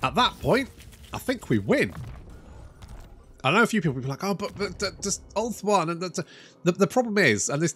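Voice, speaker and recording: A gaming YouTuber with a slightly rough, somewhat bright medium-pitched voice wanders through his let's-play of a strategy game. He swears freely and pokes fun at himself throughout.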